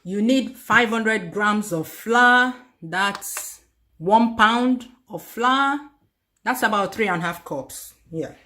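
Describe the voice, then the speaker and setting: A woman's voice: medium pitch, slow pace, sharp tone. Chatty Nigerian Igbo-accented woman cooking host. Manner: chatty, tacks on "yeah" and "yes" to confirm her points; playful, laughs between steps. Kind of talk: cooking tutorial.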